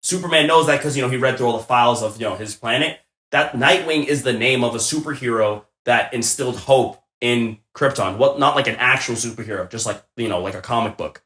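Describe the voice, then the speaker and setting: A young man chatting casually on a podcast, retelling stories with animated enthusiasm. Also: mid-range voice, fairly quick. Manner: excited, animated storytelling with laughs. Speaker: podcast co-host. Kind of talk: casual chat. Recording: roomy echo.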